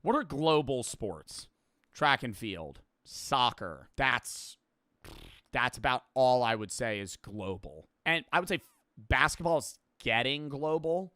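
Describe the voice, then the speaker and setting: A man's voice: mid-range voice, big pitch swings, slow, sharp tone, no echo, studio quality. A young man streaming, reacting in casual, rambling and profane talk.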